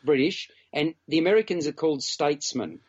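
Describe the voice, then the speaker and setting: A man's voice: fairly high pitch, lively intonation, fairly quick, husky, highs cut off. A man co-hosting a casual podcast chat about a film, chatty and teasing, talking in long run-on stretches. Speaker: film reviewer co-host.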